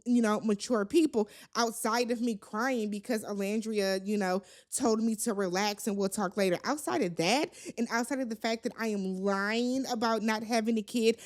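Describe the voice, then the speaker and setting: A woman's voice: a little high, close to an everyday voice. A woman mimicking a flustered young reality contestant.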